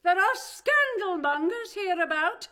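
A woman's voice: very high voice, animated, measured pace, sharp tone, full character voice. A woman playing a pompous old mother. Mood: haughty. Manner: pompous, speaks of herself as one. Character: haughty pompous old mother, stubbornly devout. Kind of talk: stage play in rhyming verse.

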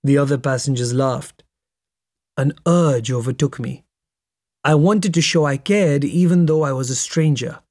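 A man reading a memoir aloud in a measured, steady storytelling manner. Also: medium pitch, dry recording, clean studio sound. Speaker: narrator. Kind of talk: memoir audiobook narration.

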